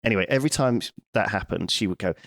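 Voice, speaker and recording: A man's voice: fairly low pitch, fast, creaky, a bit bright, dry recording, clean studio sound. A man in casual podcast chat, telling a long story with rambling restarts, swearing and laughter. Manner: rambling, swears freely, laughs through anecdotes. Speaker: podcast co-host.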